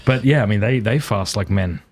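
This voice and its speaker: Low-voiced man hosting a podcast. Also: brisk, creaky. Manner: relaxed, conversational, chiming in with short agreements. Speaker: podcast host. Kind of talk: casual chat.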